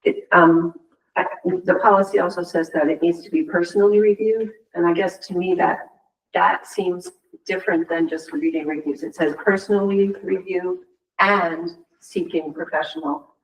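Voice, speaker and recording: Probing man, higher voice, echoey room. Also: steady tone, moderate pace. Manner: probing, hesitant, casual fillers. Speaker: committee member. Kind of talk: questioning at a committee meeting. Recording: echoey room, distant mic, faint background noise.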